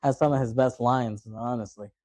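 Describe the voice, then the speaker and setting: Dark-toned man casually recapping a film. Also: mid-range voice, steady tone, moderate pace, no room sound. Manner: rambling retelling of movie scenes. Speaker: podcast co-host. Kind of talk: casual film podcast chat.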